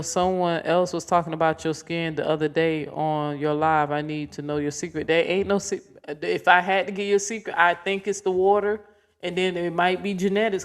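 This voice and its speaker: A woman's voice: fairly low pitch, steady tone, moderate pace. A woman in her forties, hosting a casual livestream, chatting with viewers and playfully coaxing her dog. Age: 40s. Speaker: livestream host.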